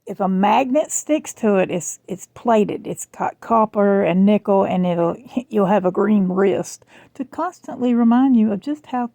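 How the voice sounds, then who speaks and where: Middle-aged Southern woman, talkative and self-mocking, strained rough voice, dry sound. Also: mid-range voice, a little slow, hardly any pauses, dark tone, dry recording. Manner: chatty, rambling, self-deprecating. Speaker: jewelry vlogger. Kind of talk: casual chat. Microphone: phone camera.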